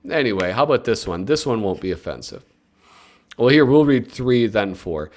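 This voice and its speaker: A male live-stream host talking to his chat in a loose, joking way. His pitch swings widely between low asides and high bursts of excitement. He sounds casual and playful as he reads from a comic magazine. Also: moderate pace. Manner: animated and joking, with sudden excited yelps; talks to chat viewers.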